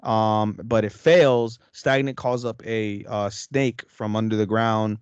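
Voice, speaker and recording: A man's voice: fairly low pitch, fairly even intonation, takes it slowly, clear, resonant tone, dry recording, muffled recording. A man co-hosting a podcast, recapping a story in a rambling, slangy way with heavy swearing. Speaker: podcast co-host. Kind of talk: casual recap chat.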